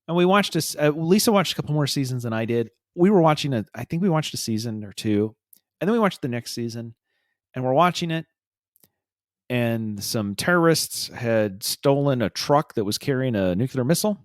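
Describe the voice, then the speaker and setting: A man's voice: mid-range voice, animated, normal speed, no room sound, clean studio sound. A man hosting a podcast, telling a story in a rambling, hesitant way with many filler sounds. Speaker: podcast host. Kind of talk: casual chat, storytelling.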